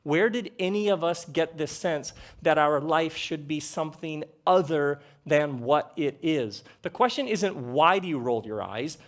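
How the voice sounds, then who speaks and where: A middle-aged man giving a live talk on a theater stage, conversational and jokey, with rhetorical questions and dramatic pauses. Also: fairly high pitch. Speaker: speaker addressing a live audience.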